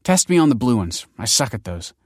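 Man doing a brash young woman, quick and snappy, dry close read. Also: mid-range voice, very animated, no echo, pitched above the performer's own voice. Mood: teasing. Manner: sharp, snappy banter.

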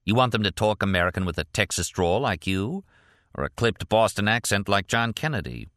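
A man voicing a wary American with a cane who speaks in a measured, wry way. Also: lowish voice, big pitch swings, fairly bright tone, no echo, studio quality. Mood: baiting.

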